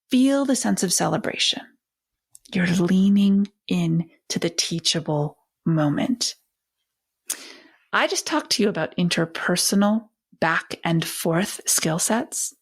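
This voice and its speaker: A woman parenting educator hosting a talk, speaking expressively and acting out warm back-and-forth with a child as she teaches. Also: mid-range voice, slow pace, husky. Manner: expressive, emphatic, acts out dialogue with a child.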